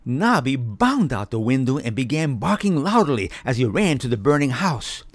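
A man's voice: mid-range voice, sing-song, normal speed, dry recording. A man narrating a children's storybook, reading expressively into a close mic. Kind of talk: audiobook narration.

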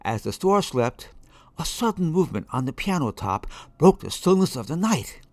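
Brief: male storyteller, very lively pitch, dry close sound. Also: moderate pace, dry recording. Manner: expressive, shifting voices. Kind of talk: children's story reading.

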